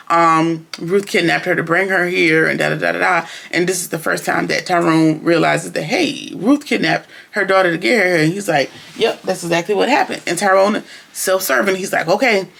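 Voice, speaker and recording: High gravelly-voiced man recapping an episode. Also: sharp tone. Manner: rambling, chatty, slangy with frequent restarts. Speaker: TV episode reviewer.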